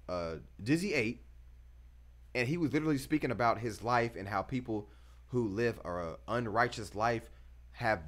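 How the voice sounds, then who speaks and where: A man hosting a reaction video, talking casually in slang and pressing his points with emphasis. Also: medium pitch. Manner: animated, emphatic, slangy, laughs between points.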